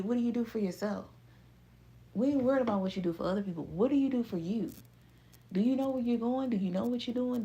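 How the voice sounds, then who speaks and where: A woman, talking straight to her listeners in a casual, profane motivational monologue, laughing often and swinging between slow drawn-out phrases and quick bursts. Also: mid-range voice, creaky, dark tone. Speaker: spiritual reader.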